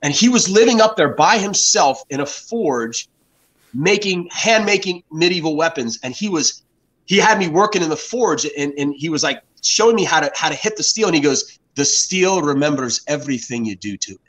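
A man in his fifties swaps stories over a few beers as a guest, his voice sitting a touch higher than most men's. He tells them in an animated way and swears freely as he goes. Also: moderate pace, poor audio. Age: 50s. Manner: animated, profane storyteller. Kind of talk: casual anecdotes over beers.

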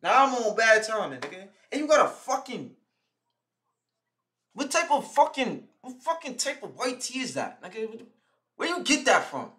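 A man's voice: very high-pitched, very animated, normal speed, pushed and bright. A young man live streaming, roasting someone in a heated, mocking, profane rant. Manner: mocking, heated, swears constantly.

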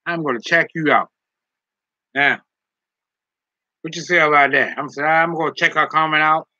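Casual male streamer reading chat; teasing, laughs a lot; sharp tense tone on a dull lo-fi mic. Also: a little high, fairly even intonation, moderate pace, no room sound. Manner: teasing, joking, laughs often.

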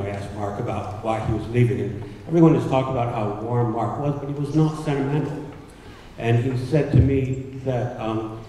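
An older man giving a memorial eulogy as a newspaper editor, pausing often with ums and restarts. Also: mid-range voice, mellow, slight background noise. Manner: hesitant, many pauses and fillers. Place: large hall at a memorial service. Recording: echoey hall, from far off.

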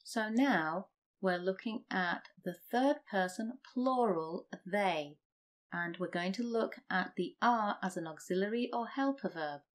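Slow, deliberate woman teaching. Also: medium pitch, expressive. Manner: reads example sentences slowly and deliberately. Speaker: English teacher. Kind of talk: slow scripted grammar lesson.

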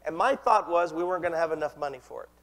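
High-voiced pastor preaching in a hall. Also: male voice, racing, a bit bright. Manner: impassioned preaching, leads call-and-response. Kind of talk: sermon.

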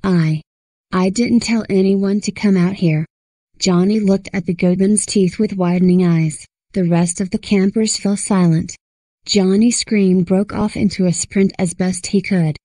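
Low, mellow woman reading a horror story. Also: dry recording, rough recording. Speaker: story narrator. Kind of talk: scripted horror story narration.

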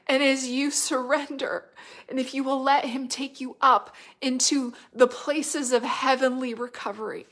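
Prophetic minister, woman, middle-aged, higher voice; fervent, builds to loud declarations, drops to a hush. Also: steady tone, a little slow. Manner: fervent, rising to loud declarations and dropping to hushed whispers. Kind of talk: prophetic word delivered to listeners.

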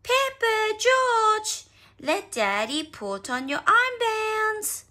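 A woman voicing a cheerful, encouraging mother pig in a storybook reading, high and loud. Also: big pitch swings, extremely slow, heavily acted.

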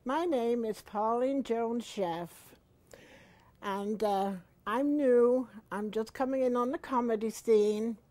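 An older woman in her seventies, slow and unhurried as she spins a funny household tale for a local comedy show. Her voice sits a bit high, and the sound is close and dry with no room echo. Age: 70s. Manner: slow, chatty, rising to shouted retellings. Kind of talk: comic storytelling to camera.

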